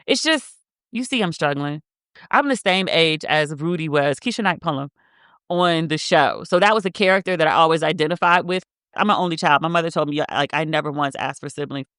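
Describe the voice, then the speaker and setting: Woman podcast host, thirties, emotional and animated casual monologue, bright tone, dry close sound. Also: fairly low pitch, no room sound. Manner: emotional, animated storytelling with many "like" fillers.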